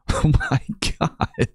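A man hosting a casual reaction video, talking in an excitable, incredulous way and laughing often. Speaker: YouTube reaction host.

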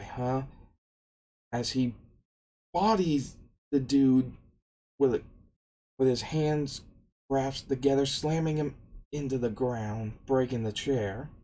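A man's voice: medium pitch, dark tone, poor audio. A man casually retelling an anime story, meandering along and restarting his sentences often. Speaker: anime recap narrator.

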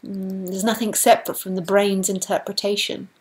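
Woman teaching in slow reflective tones. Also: mid-range voice, level tone, rough recording. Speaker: spiritual teacher. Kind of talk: online spiritual talk. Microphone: video call.

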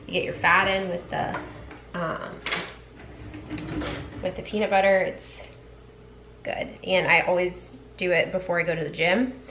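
A woman's voice: fairly even intonation, a little slow, pauses often, noisy background. Chatty young woman vlogging at home. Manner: chatty, rambling with fillers; high sing-song voice when calling her dogs. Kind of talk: casual vlog chat.

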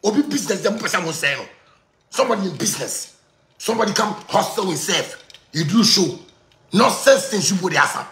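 A man in his thirties with a Ghanaian Pidgin English accent, delivering a loud, excitable rant that keeps circling back on itself. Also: high-pitched, fairly quick, gravelly, reverberant. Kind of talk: heated rant.

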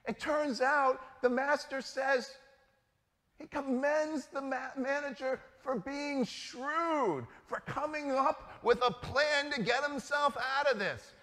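A man preaching a sermon as a priest, telling stories in a relaxed, conversational way. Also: very high voice, takes it slowly. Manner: conversational storytelling, animated. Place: church sanctuary. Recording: reverberant church hall.

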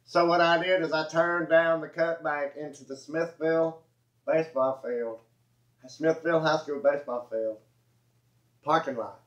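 A man's voice: fairly high pitch, a bit bright. Southern man, casual storyteller, self-correcting and chuckly; roomy, muffled recording. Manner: rambling, self-correcting, chuckling folksy delivery. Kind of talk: casual spoken anecdote. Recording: echoey room, dull lo-fi audio.

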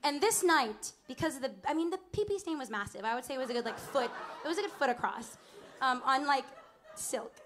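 A woman's voice: high-pitched, brisk, noisy background. Laughing woman telling a stage story. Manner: animated, laughing, acts out other people's lines. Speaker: singer telling a stage story between songs. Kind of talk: onstage storytelling banter. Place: small live music club.

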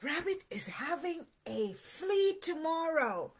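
A tiny storybook mouse scoffs in disbelief, her voice high and bouncing, as a woman reads the part. She takes her time, bright and lively. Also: takes it slowly, breathy edge, full character voice. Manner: incredulous. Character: small, incredulous mouse.

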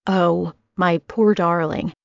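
Woman reader as a flamboyant Italian stylist, middle-aged man, low and gravelly, fussing and theatrical, storybook read. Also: fairly even intonation, takes it slowly, a little mellow, dry recording. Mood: fussy. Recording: dry, slightly dull audio.

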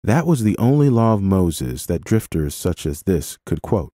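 A man reading a novel aloud in a measured, expressive way, as an audiobook narrator. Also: low voice, dry recording, clean studio sound. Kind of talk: scripted narration.

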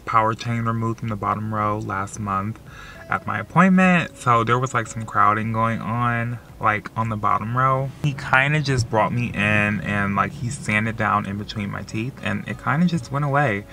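Young-sounding male vlogger, chatty and emotional, slightly low pitch with a bright tone, heavy on the fillers. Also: normal speed, vocal fry, a little hiss or hum. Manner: filler-heavy, says "like" constantly; excitable and emotional. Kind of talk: casual vlog chat.

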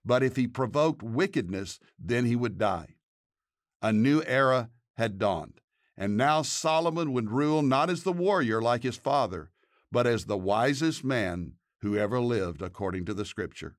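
Man, pastor, devotional narration, earnest, measured, dry studio. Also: mid-range voice, lively intonation, no room sound. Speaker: pastor and podcast host. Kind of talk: scripted devotional narration and prayer.

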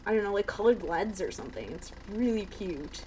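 A woman's voice: mid-range voice, animated, brisk, darkish tone, a little hiss or hum. A young woman playing a video game, chatting casually and reading the on-screen text aloud. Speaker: let's play host.

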